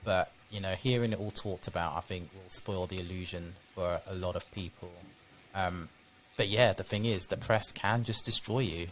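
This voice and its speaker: A man's voice: sits low, fairly even intonation, moderate pace, fairly bright tone, a little hiss or hum. A man co-hosting a podcast in casual chat, conversational and fond of tag questions. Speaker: podcast co-host.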